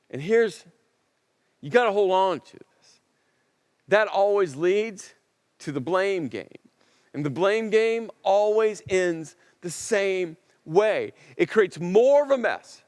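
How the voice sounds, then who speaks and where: A male pastor preaching a sermon in an animated way, acting out dialogue and repeating lines for emphasis. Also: high voice, slow pace, in a large hall.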